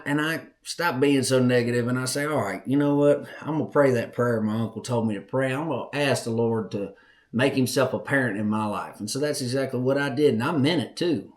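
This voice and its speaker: A man's voice: medium pitch, brisk. A man with a drawl tells a personal story on his podcast, his voice set in an ordinary middle register. He talks in a folksy, earnest way and repeats key phrases for emphasis. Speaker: podcast host.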